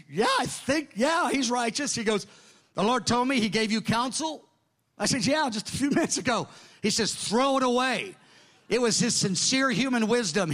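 A middle-aged man, a pastor, telling stories in a sermon and acting out conversations with others. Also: high-pitched. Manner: animated anecdotes, quoting others in dialogue. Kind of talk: sermon storytelling.

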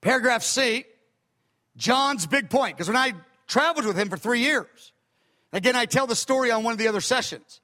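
Older male preacher, very high bright voice, emphatic storyteller, echoey hall. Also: expressive, normal speed. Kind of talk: sermon.

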